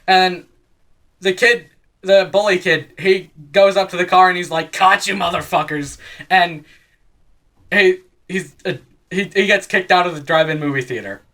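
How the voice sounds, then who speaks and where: A man with a high, slightly bright voice casually retells a scary story as comedy, rambling, swearing and often laughing at his own jokes. He switches his voice quickly for the characters he quotes.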